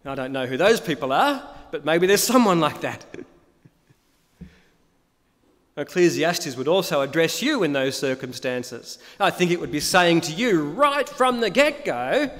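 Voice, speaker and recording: Emphatic, lively-voiced male preacher. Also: sits high, unhurried. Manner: emphatic, repeats key phrases, asks rhetorical questions. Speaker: pastor. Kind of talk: sermon. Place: church. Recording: long reverb of a church hall.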